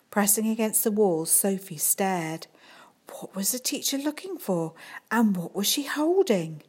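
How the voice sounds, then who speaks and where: A woman reading a children's book aloud in a calm, unhurried storytelling manner. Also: medium pitch, slightly rough. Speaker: audiobook reader.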